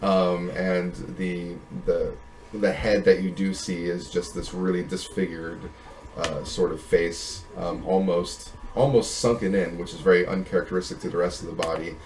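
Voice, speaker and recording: A man narrating as game master of a tabletop game, halting with many fillers and restarts. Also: deep voice, fairly even intonation, darkish tone, a little hiss or hum.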